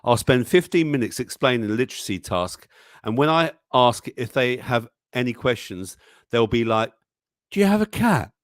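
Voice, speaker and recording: Recorded with studio quality and no room sound, a man at medium pitch and normal speed runs a laid-back live-stream news show. He chats, reads memes aloud, chuckles a lot, and exclaims at the things he shows.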